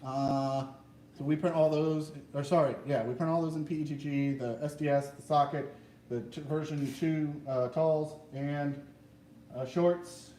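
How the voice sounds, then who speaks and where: A man's voice: fairly high pitch, steady tone, unhurried, mellow. A man hosting a casual chat, joking and goofy in his banter. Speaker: host. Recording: echoey room, mic far off, faint noise.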